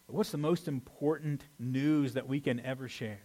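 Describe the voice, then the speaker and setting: A pastor preaching a conversational sermon, animated with playful asides. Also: male voice, medium pitch, moderate pace.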